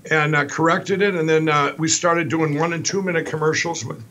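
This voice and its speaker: A middle-aged man from Minnesota, a company founder telling his story as a guest, in a rapid, rambling, animated style with many restarts. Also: a little high.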